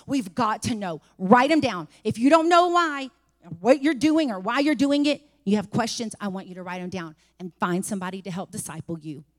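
A woman preaching a sermon in a church, testifying and rising to fervent shouts. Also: medium pitch, brisk, long reverb tail. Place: church sanctuary.

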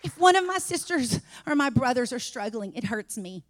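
A woman preaching a sermon in a church, testifying and rising to fervent shouts. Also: fairly high pitch, very animated, moderate pace, in a large hall. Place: church sanctuary.

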